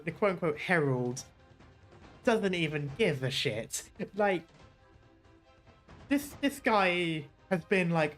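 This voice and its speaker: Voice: mid-range voice, expressive, slow, pauses often, soft background music. A game streamer chatting casually through a playthrough, rambling and correcting themself, swearing now and then. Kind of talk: casual let's-play commentary.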